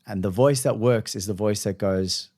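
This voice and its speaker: A man hosting a podcast, speaking in a heartfelt, effusive way and thanking his guest and listeners warmly. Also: fairly low pitch, moderate pace. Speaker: podcast host. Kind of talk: conversational podcast talk.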